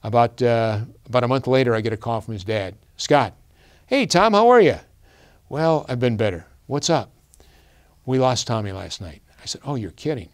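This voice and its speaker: A middle-aged man telling a personal story in a presentation, earnest and halting, with many fillers and restarts. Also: medium pitch, a little mellow. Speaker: guest speaker.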